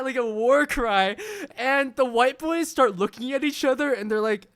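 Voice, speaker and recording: A man's voice: very high-pitched, moderate pace, a bit bright, clear, resonant tone, dry recording. A young man casually telling a rambling story as a streamer, full of fillers, laughing as he goes.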